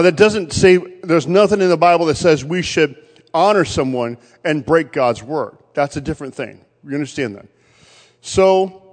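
A man's voice: fairly high pitch, a little mellow. Man preaching in a reverberant church. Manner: storytelling, quotes family members in his own voice. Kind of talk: sermon. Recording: long reverb of a church hall.

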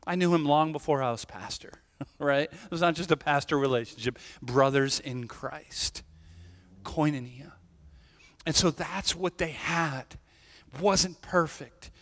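In a church sanctuary with long reverb, a man from an Irish family background preaches in a relaxed, chatty manner. His voice is fairly high and fairly bright, and he restarts sentences often while tossing in "right?"

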